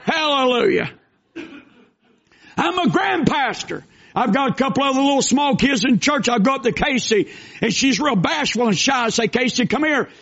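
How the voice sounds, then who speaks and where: An older man delivers a sermon in a strikingly high voice. He swings between shouted exhortation and folksy storytelling. The recording is dull and lo-fi. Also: expressive, normal speed. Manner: preaching with shouted bursts and folksy asides. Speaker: pastor. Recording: dull lo-fi sound.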